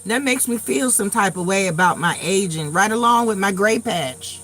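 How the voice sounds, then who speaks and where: A woman in her late forties hosting a live tarot stream, telling stories in a blunt, profane, animated way while getting over a cold. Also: mid-range voice, normal speed, faint music behind. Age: late 40s. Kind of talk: casual live chat.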